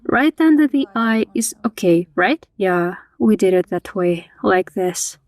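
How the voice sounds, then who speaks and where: Chatty woman asking lots of quick questions. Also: medium pitch, lively intonation, a little mellow. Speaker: vlogger reviewing a makeup artist. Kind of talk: dubbed conversational chat.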